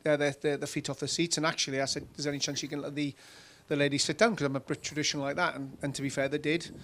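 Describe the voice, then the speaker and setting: Chatty middle-aged Geordie man, slightly high. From Newcastle, England. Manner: chatty, animated anecdotes with many fillers. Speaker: keynote speaker. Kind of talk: conference stage Q&A, storytelling.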